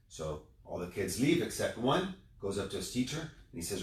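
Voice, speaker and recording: A man, a business owner, tells a story as the guest in a casual interview, building up in an animated way and then dropping quiet. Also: lowish voice, normal speed, a little hiss or hum. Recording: roomy sound, distant mic.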